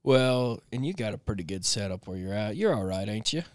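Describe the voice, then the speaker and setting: A man hosting a casual chat, telling stories in a lively way and laughing often. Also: on the low side, brisk, no echo, studio quality. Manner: animated storyteller, laughs often. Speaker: podcast host.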